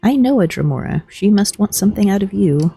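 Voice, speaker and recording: A woman streaming a game, chatting in a relaxed, wry way and reading dialogue aloud. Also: medium pitch, fairly quick, slightly rough, rough recording. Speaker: gaming streamer. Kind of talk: casual gameplay chat, reading dialogue aloud.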